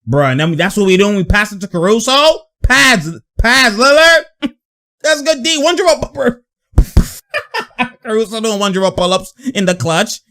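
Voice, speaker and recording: Brief: young male host, excitable reaction commentary, slangy, laughs a lot, somewhat high voice. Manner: animated, laughing, repeats phrases, slangy. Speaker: sports commentator.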